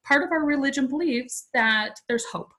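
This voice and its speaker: A woman's voice: high-pitched, moderate pace, bright, forceful tone, poor audio. A woman in her forties, a podcast guest, telling a personal story in a chatty, emotional way with many "like" fillers. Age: 40s.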